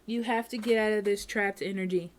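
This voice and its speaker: A woman's voice: mid-range voice, steady tone, fairly quick, slight background noise. Blunt, repetitive woman giving a tarot reading. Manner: frank and repetitive, often adding "okay?". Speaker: tarot reader. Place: home.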